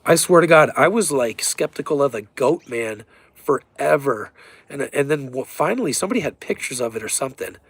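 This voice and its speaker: A man talks to his camera in a loose, rambling monologue, cursing freely and growing excitable as he spins conspiracy talk. His voice has a gravelly edge and a husky grain. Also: medium pitch, brisk, dry recording. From Colorado, USA. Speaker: vlogger.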